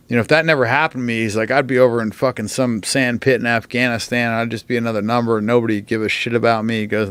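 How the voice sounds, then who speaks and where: A man's voice: mid-range voice, no echo. A man telling a long story as a podcast guest, swearing often and filling his speech with "like" and "you know". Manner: profane, filler-heavy storytelling. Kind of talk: casual storytelling. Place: podcast studio.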